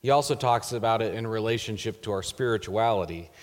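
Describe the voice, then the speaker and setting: A man preaching a sermon as pastor, earnest and measured, letting his phrase endings trail off softly. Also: lowish voice, big-room sound.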